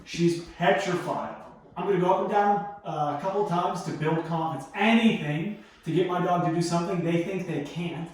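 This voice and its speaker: A man working as a dog trainer, explaining his methods in a casual instructional way and coaxing the dog with high, sing-song praise. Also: moderate pace. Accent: Western Pennsylvania. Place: outdoors on walks, then indoors in a stairwell. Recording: echoey, distant camera audio.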